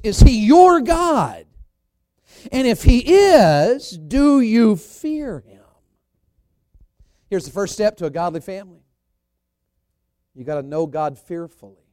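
High-voiced man preaching a fiery sermon. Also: no room sound. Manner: emphatic preaching that swings from loud to quiet. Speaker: evangelist preacher. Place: church service.

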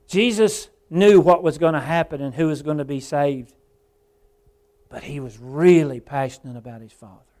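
Fervent higher-pitched male preacher. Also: moderate pace. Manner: fervent, swings between hushed and loud; addresses congregation as folks and brother. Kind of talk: evening church sermon.

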